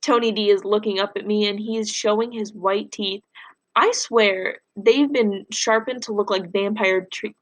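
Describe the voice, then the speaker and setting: A woman's voice: mid-range voice, moderate pace. A woman teacher reads a novel aloud to her students and then walks them through a question on the passage. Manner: plain, steady reading with instructions to students. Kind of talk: reading a novel aloud and giving a recorded lesson.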